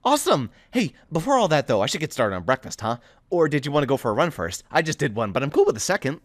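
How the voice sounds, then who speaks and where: Animated man reading his own story. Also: mid-range voice, fast talker, dry recording, studio quality. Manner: animated, excitable in long rambles. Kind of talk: first-person story narration.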